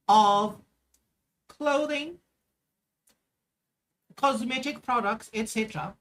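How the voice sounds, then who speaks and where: Woman streamer ranting and swearing at clips, voice swings all over, kinda high. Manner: animated, swears heavily, mocking. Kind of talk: profane reaction rant.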